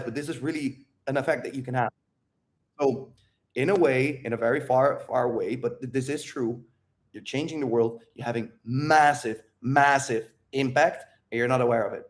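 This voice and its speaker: A man who is not a native English speaker, hosting a live Q&A stream and talking energetically with plenty of swearing. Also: medium pitch. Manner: energetic, profane, rambling. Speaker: livestream Q&A host. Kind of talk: live unscripted monologue to chat.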